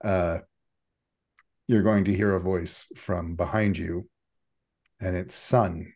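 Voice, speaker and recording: A man's voice: sits low, steady tone, slow, pauses often, a little mellow. A man running a tabletop game as game master, narrating the scene in a playful, descriptive way.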